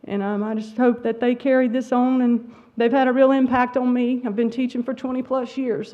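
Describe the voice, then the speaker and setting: A middle-aged teacher, near tears, gives an award ceremony speech for a church school in a church sanctuary. Her voice is a little high and mellow, delivered flatly at a moderate pace with few pauses, in dull lo-fi audio.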